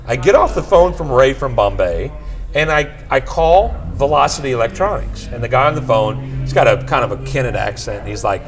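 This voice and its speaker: A man's voice: mid-range voice, very animated, brisk, rough recording. A man hosting a livestream from a bar, telling a story in a rambling way and circling back to restart his sentences. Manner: rambling, restarts with "what had happened was". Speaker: podcast host telling a story. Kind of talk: casual storytelling.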